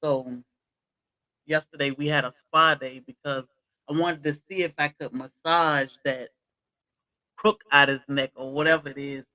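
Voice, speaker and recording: A woman's voice: deep voice, fairly even intonation, unhurried, bright, forceful tone, poor audio. A woman chatting casually on a homestead livestream, greeting viewers from the chat by name as she talks.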